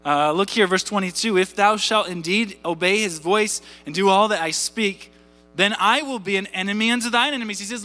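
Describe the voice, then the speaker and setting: Bright-voiced young preacher in a reverberant church. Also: male voice, high-pitched, a little fast. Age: 30s. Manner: conversational, repeats words, asks the audience questions. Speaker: pastor. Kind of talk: sermon.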